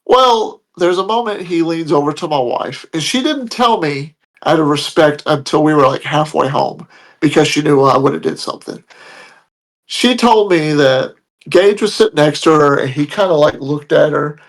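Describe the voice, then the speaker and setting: A man telling a story in casual talk, his voice sitting a little higher than usual for a man. He talks bluntly and heatedly and swears freely. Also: expressive, moderate pace. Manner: blunt, profane, heated retelling. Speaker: podcast guest telling a story.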